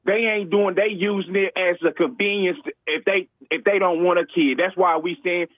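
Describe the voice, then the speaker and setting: Brief: indignant male caller, slangy and emphatic, high voice, phone-thin sound. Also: steady tone, moderate pace, dry recording. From Ohio. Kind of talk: call-in rant. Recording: tinny phone line.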